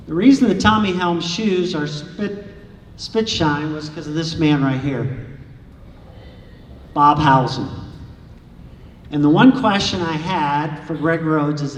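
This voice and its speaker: Male author telling stories at a library talk, higher voice, far from the mic in a reverberant hall. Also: slow pace, pauses often. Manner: lively anecdotal storyteller, acts out dialogue. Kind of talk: storytelling lecture to an audience. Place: large echoey lecture room. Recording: echoey hall from far off, faint hiss.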